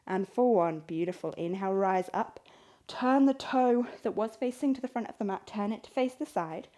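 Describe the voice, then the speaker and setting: With a mellow, mid-range voice at a moderate pace, a woman guides a yoga class through poses, breaths and counts. She's encouraging, counts reps aloud, and at times grows out of breath.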